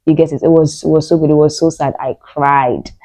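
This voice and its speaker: A woman's voice: sits low, completely flat delivery, quick pace, dark tone, no echo, rough recording. A woman giving a casual movie review, retelling scenes emotionally with lots of fillers.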